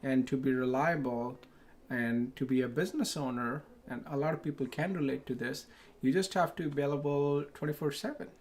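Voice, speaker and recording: A man whose first language is Punjabi, a business owner chatting as a studio guest in a relaxed way, often ending points with "right?". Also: mid-range voice, brisk, slight background noise. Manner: relaxed, conversational, frequent "right?" tags. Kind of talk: casual conversation.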